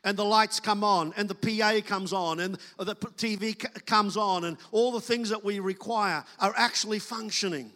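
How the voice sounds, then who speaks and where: A man's voice: high voice, moderate pace, few pauses, pushed and bright, in a large hall. A man preaching a sermon as pastor, talking to the congregation in a loose, conversational way and acting out quoted voices.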